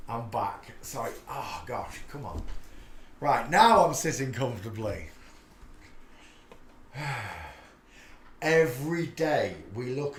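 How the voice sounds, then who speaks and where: A man's voice: mid-range voice, echoey room, a little hiss or hum. A man hosting a casual live stream, chatting in a rambling way with many filler sounds. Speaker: livestream host.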